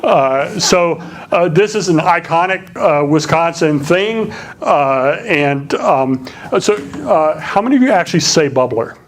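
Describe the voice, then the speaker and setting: A man's voice: fairly high pitch, a little slow, few pauses. Man lecturing with many ums. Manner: relaxed, many fillers, asks the audience questions. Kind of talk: public lecture to a live audience.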